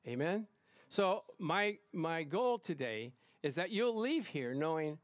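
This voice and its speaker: A male pastor preaching a lively sermon to his congregation, emphatic and excitable, often calling out "Amen?". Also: a little high, slow pace, dry recording. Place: church service in front of a congregation.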